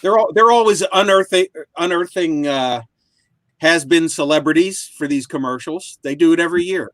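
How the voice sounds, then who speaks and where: Male co-host, casual rambling storyteller, slightly raised pitch. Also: fairly bright tone, dry recording. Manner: rambling recounting with filler pauses. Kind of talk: casual chat. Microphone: video call.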